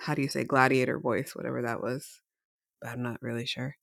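A woman's voice: very deep voice, flat delivery, a little fast, gravelly, a bit bright, no room sound, studio quality. A woman co-hosting a casual podcast, rambling and hesitant with many fillers as she thinks aloud. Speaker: podcast co-host. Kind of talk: casual chat.

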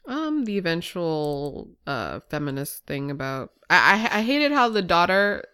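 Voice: mid-range voice, big pitch swings, unhurried, bright, forceful tone, clean tone. A co-host in a casual movie discussion, talking offhandedly and hesitantly with frequent restarts.

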